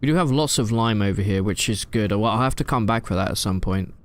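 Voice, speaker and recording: A man's voice: lowish voice, quick pace. A man chatting casually while streaming a game live from his room at home, rambling and answering chat with plenty of fillers.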